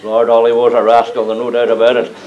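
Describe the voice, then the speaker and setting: A man's voice: mid-range voice, completely flat delivery, quick pace, darkish tone, muffled recording. An older man with a Northern Irish accent tells humorous yarns about his days at the mill to a live audience, chuckling as he goes. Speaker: local speaker recalling mill days. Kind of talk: anecdotal storytelling to an audience. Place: community gathering before a live audience.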